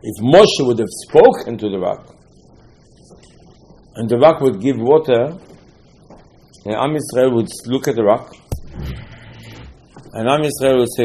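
A man giving a Torah class as a rabbi. He talks in an animated way, acts out the quotes and uses loose, non-standard English. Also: mid-range voice, unhurried, pauses often, low-quality recording. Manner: animated, acts out quotes, mixes in Hebrew terms.

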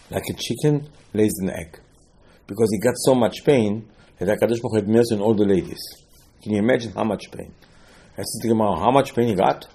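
Husky man with preaching. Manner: animated storytelling, rising to excited high-pitched outbursts. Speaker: rabbi. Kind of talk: sermon.

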